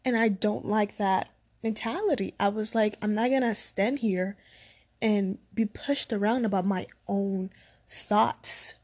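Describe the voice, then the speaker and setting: A woman's voice: medium pitch, steady tone, measured pace, a little mellow. A young woman from the Dominican Republic telling a personal story in a rambling, casual way that often goes off track. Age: young adult. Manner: rambling, sidetracked, laughs often. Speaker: vlogger.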